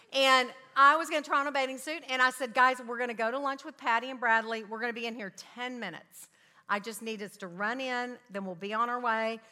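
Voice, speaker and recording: A middle-aged woman speaking to an audience, telling family stories in an animated way and acting out her children's lines. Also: a little high. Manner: animated, acts out her kids' voices. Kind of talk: storytelling talk to an audience. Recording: long hall reverb.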